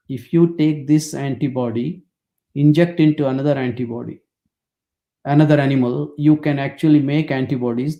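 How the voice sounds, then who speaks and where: A man's voice: mid-range voice, gravelly, dark tone. A middle-aged man, telling anecdotes in a lecture with wry asides and frequent fillers. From India. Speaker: immunology lecturer. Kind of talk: storytelling webinar lecture.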